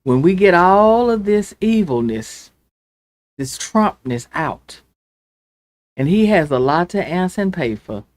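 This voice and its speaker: A woman hosting her own show, delivering an angry, impassioned political rant that swings from loud outbursts to hushed pleading. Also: fairly low pitch, very animated, takes it slowly, no room sound. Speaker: show host.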